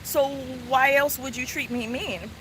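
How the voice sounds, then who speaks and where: A woman vlogger telling a story in a casual, earnest, animated way, with many fillers. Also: sits high, unhurried, a little hiss or hum.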